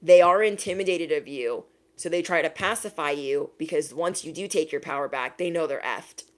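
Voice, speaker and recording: A chatty woman with a slightly low voice gives a casual tarot reading straight to her listeners. She keeps slipping into quick, exaggerated voices for the people she describes. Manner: chatty, animated quoted voices, laughs at own jokes. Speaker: tarot reader.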